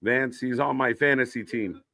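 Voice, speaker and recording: A man's voice: medium pitch, normal speed, vocal fry, pushed and bright, no echo. A man co-hosting a live wrestling watch-along, chatting casually, swearing and reading out viewers' names. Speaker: co-host.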